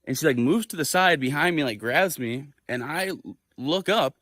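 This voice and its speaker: A young man hosting a livestream, telling a personal story in a casual, animated way with lots of swearing and fillers. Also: a little high, moderate pace, no echo. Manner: animated, profane, filler-heavy. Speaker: livestream host.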